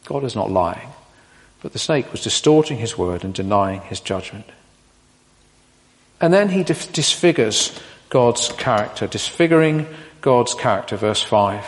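A man preaching a sermon in an animated way, with rhetorical questions and playful asides. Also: on the low side, a little slow. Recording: long hall reverb.

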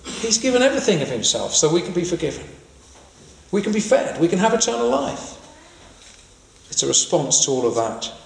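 A man's voice: sits high, very animated, a little fast, vocal fry, pauses often, a little hiss or hum. A man preaching a sermon, earnest and full of questions put to his listeners. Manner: questioning, earnest, emphatic rises. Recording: echoey hall with long reverb.

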